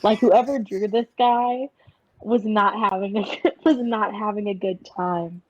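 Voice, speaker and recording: A woman's voice: mid-range voice, steady tone, a little slow, no room sound. A woman playing a tabletop game, narrating her scene in a crude, playful, casual way. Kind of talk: casual role-play narration. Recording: slightly muffled audio.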